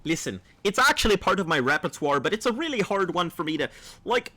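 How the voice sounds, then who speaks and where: A man's voice: high voice, sing-song, brisk, pushed and bright. A man streaming a game and chatting with viewers in a put-on Australian accent, rambling and playful. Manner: rambling, playful, talks to chat. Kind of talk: gameplay livestream chat.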